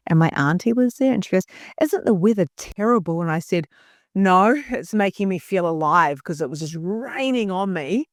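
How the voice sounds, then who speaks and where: A woman's voice: fairly low pitch, no echo, clean studio sound. A middle-aged woman, a guest on a podcast, telling a personal story in an earnest, emotional way with frequent restarts. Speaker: podcast guest, spiritual mentor.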